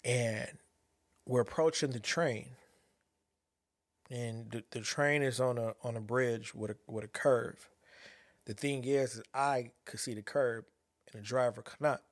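A man telling a personal story in a halting, reflective way, with many restarts as he searches for words. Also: mid-range voice, fairly even intonation, no room sound, studio quality. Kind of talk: personal monologue about anxiety and a dream.

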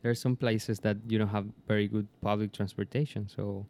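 A man whose first language is Spanish, chatting casually in English and often pausing to search for words. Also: on the low side, flat delivery, darkish tone. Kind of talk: casual chat.

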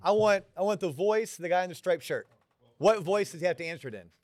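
A man's voice: sits high, animated, quick pace, darkish tone, dry recording. A male host in a casual panel talk, direct and punchy, in front of a student audience. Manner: direct, gives short punchy advice. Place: university lecture hall before a student audience.

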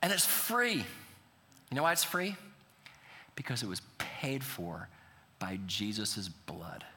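Bright-voiced pastor preaching in a reverberant hall. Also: male voice, on the low side, big pitch swings, takes it slowly. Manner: earnest, builds to emphatic preaching. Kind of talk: sermon.

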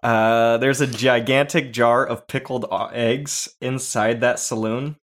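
A man's voice: mid-range voice, measured pace. A man hosting a podcast, casually talking through a movie and laughing often as he tells it. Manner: laughs often, animated storytelling. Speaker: podcast host.

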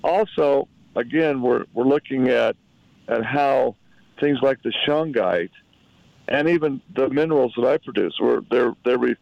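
A man pitching a product over a call, halting and repeating himself as he talks. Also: creaky, no room sound, dull audio. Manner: halting, repeats words, salesy. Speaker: product promoter. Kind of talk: phone call.

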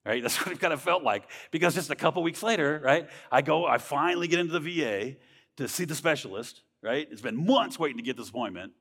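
A man's voice: a little high, animated, quick pace, fairly bright tone. Earnest man testifying in a reverberant hall. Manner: earnest, conversational, frequent tag questions. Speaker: speaker sharing a testimony. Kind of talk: personal faith testimony.

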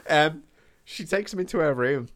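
A man's voice: on the high side, expressive, normal speed. A man co-hosting a podcast in casual chat, laughing a lot and recounting film scenes with put-on voices. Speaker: podcast co-host.

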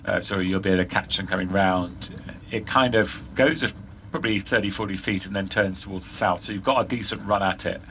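A man narrating as game master, in a relaxed way full of fillers and restarts. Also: deep voice, brisk, slight background noise.

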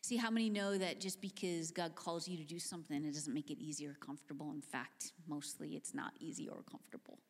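Woman preaching, chatty storytelling, goes soft and hushed, lots of hall echo. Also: low-pitched, fast, few pauses. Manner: animated storytelling, dropping to hushed tones. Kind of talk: sermon. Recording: long hall reverb.

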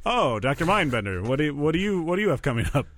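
A playful man steers a comedy podcast, laughing often. His voice sits fairly high and moves in lively swings of pitch. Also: quick pace. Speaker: podcast co-host. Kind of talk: casual comedy chat.

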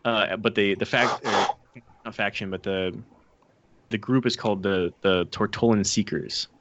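A man co-hosting a casual gaming podcast, gushing and excited. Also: on the low side, a little slow, dull audio, slight background noise. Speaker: podcast co-host.

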